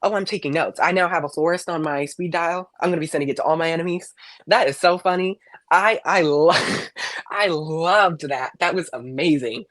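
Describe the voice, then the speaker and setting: A man phones in to a live stream, chatting and gossiping in a relaxed way, cracking sassy, emphatic jokes. His voice sits on the high side, quick and somewhat bright, and the recording is dry.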